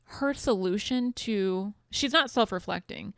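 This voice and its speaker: A woman co-hosting a chatty podcast, her voice mid-pitched with a gravelly, fried edge. She talks bluntly and frankly, laughing between points. The sound is close and dry, with no room around it. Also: unhurried, fairly bright tone, no echo. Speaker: podcast co-host. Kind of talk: casual podcast chat.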